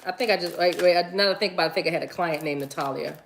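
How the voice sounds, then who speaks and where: A woman's voice: lowish voice, rapid-fire, a little hiss or hum. A woman giving a casual livestream tarot reading, chatty and playful, laughing easily. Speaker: tarot reader.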